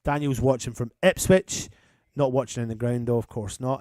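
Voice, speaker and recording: A man's voice: mid-range voice, fairly even intonation, normal speed, hardly any pauses, a little mellow, no room sound, clean studio sound. A man hosting a live football watchalong, calling the play and chatting with viewers in a matey way. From England. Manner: chatty and matey, breaks off commentary to greet viewers. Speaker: fan channel host doing a live match watchalong. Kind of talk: live match commentary mixed with reading out viewer comments.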